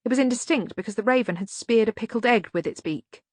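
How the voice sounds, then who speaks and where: A woman's voice: on the high side, quick pace, no echo. Woman narrating an audiobook, dry sound.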